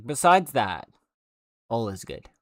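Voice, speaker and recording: A man's voice: medium pitch, sing-song, takes it slowly, fairly bright tone, dry recording, clean studio sound. A man livestreaming a game, chatting casually with viewers in a rambling way with lots of fillers and restarts.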